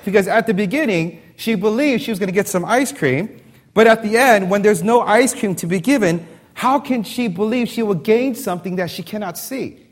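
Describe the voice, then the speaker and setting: A man's voice: sits high, moderate pace. A man in his thirties preaching a sermon, telling a family story and firing off rhetorical questions. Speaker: pastor.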